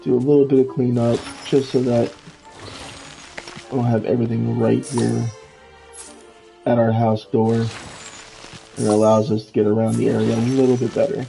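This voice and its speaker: A man streaming a video game live, narrating his moves in a relaxed way and chatting to viewers. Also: mid-range voice, moderate pace, vocal fry, pauses often, soft background music, low-quality recording. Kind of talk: casual live game commentary.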